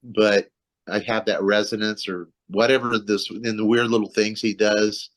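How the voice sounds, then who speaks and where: A man's voice: lowish voice, little pitch movement, normal speed, fairly bright tone. Guy on a video call rambling about his singing, lots of ums and restarts. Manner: rambling, many restarts and fillers. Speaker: metal vocalist, interview guest. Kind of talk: casual video-call interview.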